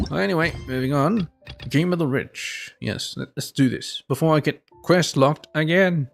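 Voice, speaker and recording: A man's voice: fairly high pitch, gravelly. A man chatting and joking while playing a video game, swearing freely. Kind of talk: casual let's-play commentary.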